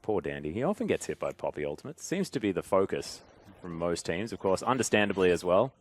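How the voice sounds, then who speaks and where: A man calling an esports match play-by-play, swinging from relaxed chatter to loud, fast calls in big fights. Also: low voice. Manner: excitable, rising loud and fast in big plays. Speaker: esports commentator.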